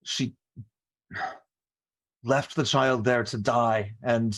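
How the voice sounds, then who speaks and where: Male tabletop player, mid-pitched, slow and halting, stumbling over repeated words in character. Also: steady tone, vocal fry, a bit bright, slight background noise. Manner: stammering, repeats words while piecing things together. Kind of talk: in-character tabletop role-play.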